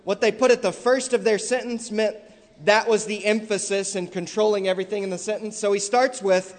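A male preacher delivering a sermon with heavy, repeated emphasis that builds to loud stressed peaks, in a large church hall. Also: high-pitched, steady tone, fairly quick. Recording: long echoey hall reverb.

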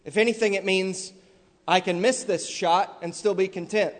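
A male preacher delivering a sermon with heavy, repeated emphasis that builds to loud stressed peaks, in a large church hall. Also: sits high, steady tone, moderate pace. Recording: long echoey hall reverb.

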